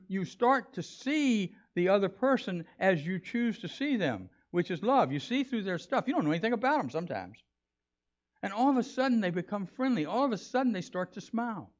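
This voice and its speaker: Brief: male pastor, conversational and playful sermon delivery, muffled church recording. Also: high voice. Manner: animated, joking, conversational preaching.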